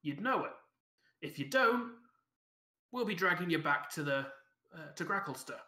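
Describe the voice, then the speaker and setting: Gruff, threatening duergar guard, bright and tense, as a game master puts him on, echoey room. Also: male voice, on the high side, animated. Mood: suspicious. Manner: blunt, threatening, halting with fillers.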